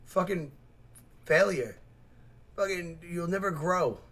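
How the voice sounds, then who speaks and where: A man hosting a reaction video, talking in a rambling, excitable way full of swearing and mocking asides. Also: sits high, slow. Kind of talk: casual profane reaction commentary.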